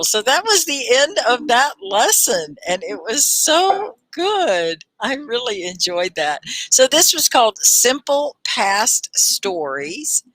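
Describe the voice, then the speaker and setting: A woman hosting a live online English class, upbeat and encouraging, laughing often and repeating words slowly and clearly. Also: fairly high pitch, a bit bright, no echo, rough recording. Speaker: ESL teacher and livestream host.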